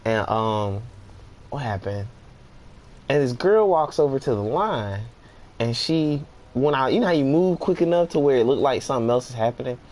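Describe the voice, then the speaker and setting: A young man casually telling a funny work story while playing a game, animated and laughing, acting out the people he quotes. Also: mid-range voice, moderate pace. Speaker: gaming streamer.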